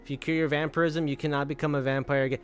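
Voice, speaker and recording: A young male streamer chats loosely over a game, swearing freely and breaking into laughs. His voice sits a bit high, and soft music plays faintly behind him. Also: little pitch movement, rapid-fire. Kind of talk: casual storytelling while gaming.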